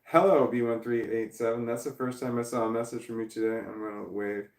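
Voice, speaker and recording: A man on a casual livestream, reading chat comments aloud and rambling through them with lots of halting restarts. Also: medium pitch, steady tone, recorded from a distance. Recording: roomy, off-mic sound.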